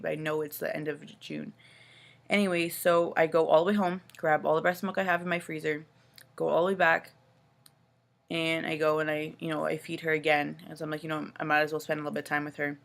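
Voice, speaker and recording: Woman, creaky voice, casual vlog storytelling, rambling with fillers, exasperated. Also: deep voice, fairly bright tone. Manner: rambling, full of "like" and "you know"; upset and exasperated retelling. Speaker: new mother telling her story.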